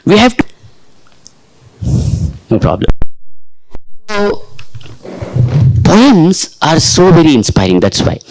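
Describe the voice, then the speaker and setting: A man with an Indian English accent giving a workshop lecture to teachers, talking in an animated, sing-song way. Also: a little high, slow pace, gravelly, pauses often, low-quality recording. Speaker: teacher trainer.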